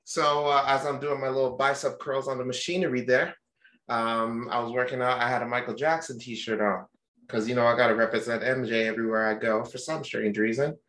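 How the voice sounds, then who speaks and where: A man's voice: medium pitch, fairly even intonation, brisk, fairly bright tone, echoey room. A man co-hosting a podcast, chatting and telling stories in a laid-back, joking way with plenty of swearing. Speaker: podcast co-host. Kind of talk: casual chat and storytelling.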